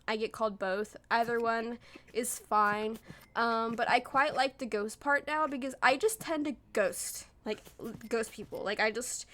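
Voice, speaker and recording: Young woman, bright higher voice, rambling self-deprecating voice-over for a build video. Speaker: gaming video creator.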